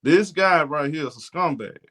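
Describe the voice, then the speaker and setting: A man's voice: fairly high pitch, expressive, normal speed, a bit bright. A man hosting a sports talk show, giving blunt, indignant commentary and often repeating himself.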